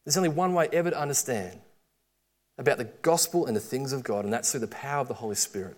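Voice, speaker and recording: A middle-aged man with an Australian accent preaching a sermon, with lively storytelling and quoted asides. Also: mid-range voice, fast.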